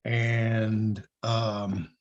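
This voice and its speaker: With a Texan accent and a lowish voice, a man draws out his words while hosting a casual live stream, and the audio sounds dull. He's an animated storyteller who acts out the dialogue he quotes.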